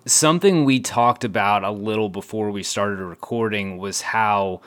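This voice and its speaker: Guy with a lowish voice hosting an interview, a bit wry. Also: moderate pace, a bit bright. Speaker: interviewer host. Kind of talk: conversational interview.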